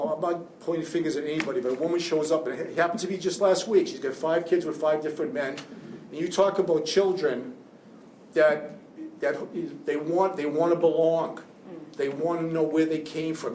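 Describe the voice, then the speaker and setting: A man speaks to a class with raw, rambling passion, stumbling and restarting as his feeling runs high. His voice sits a little high for a man and rings in an echoey room. A faint hiss sits under it. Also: a little mellow, distant mic. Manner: emotional, impassioned, rambling with restarts. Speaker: juvenile defense attorney, guest speaker. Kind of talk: classroom talk to law students.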